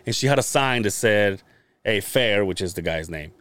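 Lower-voiced man telling a story, laughing. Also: moderate pace, dry recording. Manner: animated storytelling, laughs often, swears freely. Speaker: podcast co-host. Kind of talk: casual chat.

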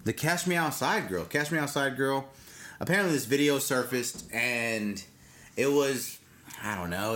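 A man's voice: medium pitch, fairly bright tone. Man, casual podcast co-host, crude jokes, rambling storyteller.

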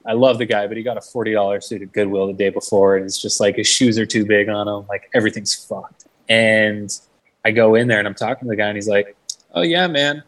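A young man with a low, husky voice tells his story casually, with a lot of cursing and "like". He acts out the people he quotes. He sounds a bit distant from the microphone. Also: little pitch movement, fast talker. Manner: swears freely, fills with 'like', acts out quoted people. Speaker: guest. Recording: mic set back from the speaker.

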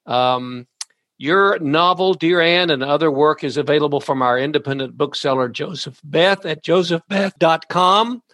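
A man hosting a podcast interview, speaking haltingly with frequent restarts. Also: fairly high pitch, a bit bright, dry recording. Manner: halting, many fillers and restarts. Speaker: podcast host.

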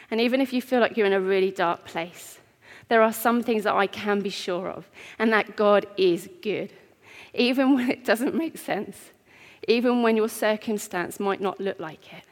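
A woman giving an earnest, heartfelt sermon in a church, with pauses. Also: mid-range voice. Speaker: preacher. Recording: long reverb of a church hall.

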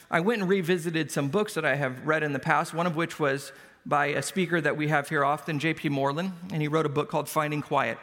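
A pastor with a high, fairly bright voice preaches a sermon in a church sanctuary, conversational and self-deprecating, using everyday stories to make his points. The church hall gives a long reverb.

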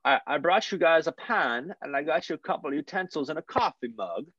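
Brief: cheery Swedish landlord, higher and lighter, a man putting it on, dry dull sound. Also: animated, brisk, bright, forceful tone, husky, no room sound, full character voice. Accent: put-on Swedish. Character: friendly male Swedish landlord.

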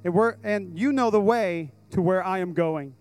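High-voiced, excited young-sounding pastor. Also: male voice, normal speed, soft background music. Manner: excited and casual, with slang and asides to the congregation. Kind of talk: lively sermon at a church service. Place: church service in front of a congregation.

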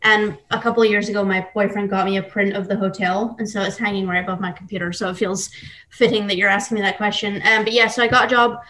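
Young woman, podcast guest, chatty, rambling, lots of fillers, relaxed casual talk. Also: medium pitch, quick pace. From Scotland, raised in Texas. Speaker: guest baker. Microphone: computer mic at home.

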